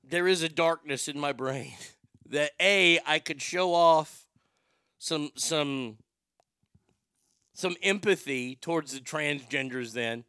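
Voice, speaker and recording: A man's voice: a little high, takes it slowly, pushed and bright, smooth, no echo. A male radio host telling personal stories in a rambling, profane, darkly funny way. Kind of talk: casual storytelling monologue.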